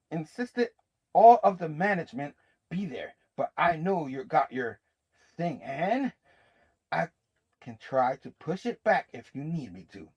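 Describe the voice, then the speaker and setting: Gruff loud editor, a man doing it, high-pitched, bellowing, lo-fi recording. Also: heavily acted. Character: gruff shouting middle-aged newspaper boss.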